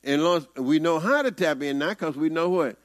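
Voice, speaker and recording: A man's voice: a little high, normal speed. A man with a Southern US accent, preaching a conversational sermon in a folksy, rising-and-falling way.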